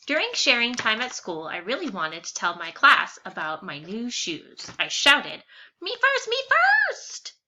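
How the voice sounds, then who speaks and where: A woman teacher reading a picture book aloud to young students, expressive and animated. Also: medium pitch, normal speed, hardly any pauses. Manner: warm, expressive, animated storytelling. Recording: slightly dull lo-fi with faint hiss.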